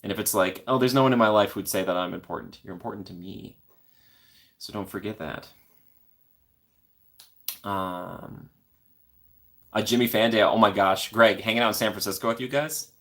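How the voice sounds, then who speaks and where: A man's voice: on the low side, normal speed, pauses often, a bit bright. Friendly young man chatting on a stream. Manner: friendly, rambling, reads viewer comments aloud. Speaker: live streamer. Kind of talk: casual live stream chat. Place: corner of an apartment.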